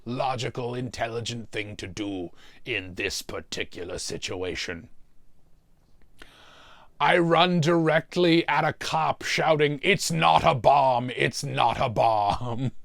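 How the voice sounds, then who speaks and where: A man's voice: mid-range voice, fairly bright tone, dry recording, studio quality. A man playing a demonic torturer who hosts a mystery show and tells a comic story about suffering. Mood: wry. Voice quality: gravelly, slow, relishing talk of suffering. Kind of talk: comedic in-character storytelling.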